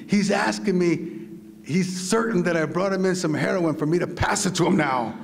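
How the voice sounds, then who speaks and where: A man, a visiting writer, telling a story to a live audience in a university lecture hall, animated and full of restarts. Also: high voice, normal speed, creaky. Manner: vivid, animated retelling with repeated restarts.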